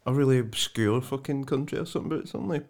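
A Glaswegian man chatting in relaxed, sweary banter as a podcast co-host. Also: medium pitch, fast talker, creaky. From Scotland. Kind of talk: casual chat.

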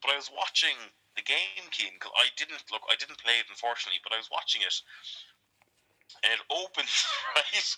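A man co-hosting a casual podcast chat, animated and laughing, often acting out the characters he describes. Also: medium pitch, brisk, poor audio. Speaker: podcast co-host.

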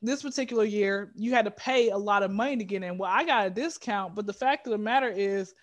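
A woman comedian telling stories in an animated, joking way, often jumping into voices. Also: quick pace. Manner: animated, jumps into high mimicking voices. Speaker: comedian guest. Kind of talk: comedic storytelling.

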